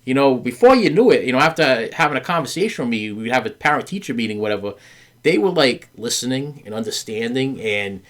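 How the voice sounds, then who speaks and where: In a very animated mid-range voice, slightly fast, a middle-aged man on his podcast earnestly shares a story with his wife. He stumbles, repeats himself and uses many fillers, acting out quoted voices as he goes in this candid chat.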